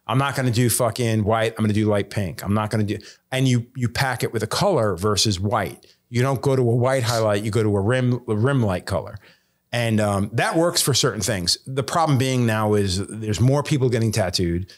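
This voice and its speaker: Profane, animated tattoo-artist guest. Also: male voice, lowish voice, a little fast. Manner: swears a lot, animated when retelling others. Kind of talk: casual podcast chat.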